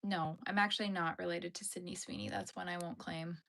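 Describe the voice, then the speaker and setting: A woman's voice: on the low side, fairly even intonation, a little fast, creaky, a bit bright. A Canadian woman from the far north hosting a knitting livestream, chatting casually with viewers, laughing easily and saying "like" a lot. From Yellowknife, Canada. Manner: chatty, uses "like" as a frequent filler, laughs easily. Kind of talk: casual livestream chat answering viewer comments.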